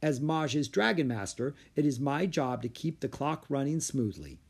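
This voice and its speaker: A man's voice: medium pitch, big pitch swings, moderate pace, vocal fry, a little mellow, husky, heavily acted. A man reading aloud and voicing a polite young dragon master boy who explains things patiently. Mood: explaining.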